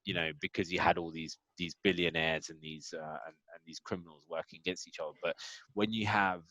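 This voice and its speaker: A man's voice: sits low, animated, brisk, gravelly, bright, forceful tone, dry recording. A man co-hosting a podcast, talking casually and rambling, with lots of fillers. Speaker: podcast co-host. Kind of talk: casual chat.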